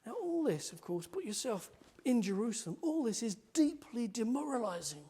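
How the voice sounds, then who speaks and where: Animated preacher. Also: male voice, very high-pitched, normal speed, slightly rough. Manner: animated, acting out the mockers' voices. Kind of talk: sermon. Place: church.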